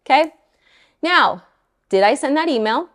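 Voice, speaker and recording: A middle-aged woman mortgage lender talking casually to her viewers, blunt and animated, often exasperated. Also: sits high, unhurried.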